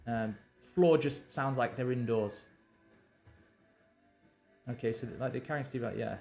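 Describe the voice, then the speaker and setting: A man's voice: medium pitch, measured pace, vocal fry, a little mellow, faint music behind. A male novelist on a live stream, talking through his writing with many fillers and restarts and reading draft lines aloud. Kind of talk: thinking aloud while drafting.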